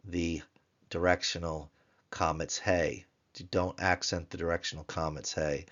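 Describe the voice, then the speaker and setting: Man, very low voice, patient tutor, repeats words for drill, muffled lo-fi sound. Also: fairly bright tone. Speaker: Biblical Hebrew tutor. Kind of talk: recorded grammar lesson.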